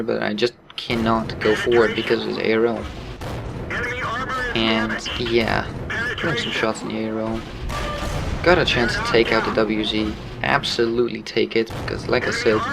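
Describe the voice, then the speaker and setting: A man giving casual commentary over his own gameplay, relaxed, laughing often and explaining his moves. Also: fairly low pitch, creaky, noisy background.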